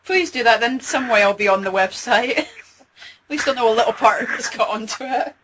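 A woman's voice: a little high, brisk. A woman co-hosts an interview over a video call. She is enthusiastic and laughs readily. Faint noise hums under her voice. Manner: enthusiastic, giggly. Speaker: co-host. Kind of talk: casual interview chat.

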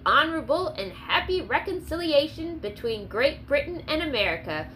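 An old gray-haired fiddler calls out flowery toasts to settle a tavern quarrel, as a woman reading a storybook puts him on. The voice is high and bright, with a faint hiss underneath. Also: exaggerated voice. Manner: rousing, orating toasts.

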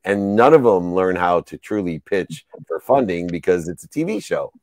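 Man, very low voice, co-host, earnest, fillers, dry close sound. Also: lively intonation, moderate pace, darkish tone, dry recording. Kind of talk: casual interview chat.

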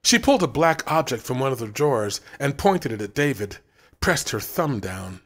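Man narrating a story, expressive reading. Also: medium pitch, normal speed. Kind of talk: audiobook narration.

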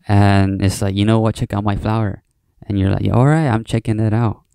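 A young man with a low, gravelly voice rambles through a late-night solo podcast. He swears freely and keeps circling back with "you know." His mellow, fairly flat delivery sounds close and dry. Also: no room sound. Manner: rambling, heavy swearing, many fillers. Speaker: podcast host. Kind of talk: casual solo monologue.

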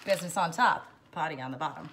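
A woman's voice: deep voice, quick pace, very noisy. A woman hosting a casual cocktail how-to, chatty and jokey, wandering into playful asides as she mixes. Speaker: home bartender host.

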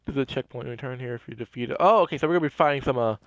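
A young man giving excitable, jokey commentary while playing a video game. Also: mid-range voice, rapid-fire. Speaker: gaming YouTuber. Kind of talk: casual gameplay commentary.

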